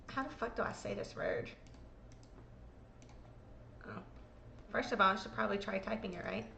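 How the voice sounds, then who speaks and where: A woman's voice: mid-range voice, moderate pace, gravelly, pushed and bright, a little hiss or hum. A woman hosting a show, reading court exhibits aloud in casual commentary, swearing freely and mocking herself. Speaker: host. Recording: echoey room.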